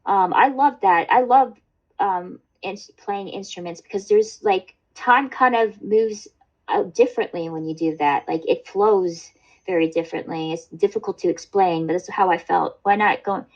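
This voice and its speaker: A woman's voice: medium pitch, normal speed, lo-fi sound. A woman hosting a casual livestream chat, rambling and swearing, with lots of fillers and restarts. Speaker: livestream host.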